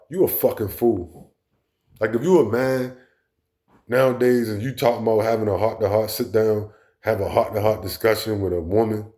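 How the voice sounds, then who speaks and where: A man's voice: fairly low pitch, a little mellow. A man delivering a blunt, profane, rambling monologue as a vlog host. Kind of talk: casual monologue rant.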